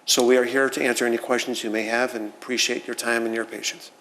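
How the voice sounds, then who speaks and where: A man presenting as the petitioner's attorney at a public hearing, speaking in a measured way with many fillers. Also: mid-range voice, flat delivery, fairly bright tone. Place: village council chamber. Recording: roomy hall with faint noise.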